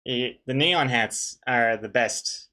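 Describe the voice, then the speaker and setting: A man's voice: mid-range voice, slow, pushed and bright. Laid-back man chatting while he draws. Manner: rambling, self-mocking, reads out chat messages and greets viewers. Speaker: streamer drawing a webcomic. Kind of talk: casual chat while drawing on a live stream.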